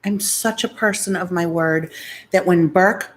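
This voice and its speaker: A woman's voice: lowish voice, a little slow, a little hiss or hum, rough recording. A middle-aged woman chatting casually and rambling to her viewers on a live stream. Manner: rambling, talks straight to viewers. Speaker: mukbang vlogger.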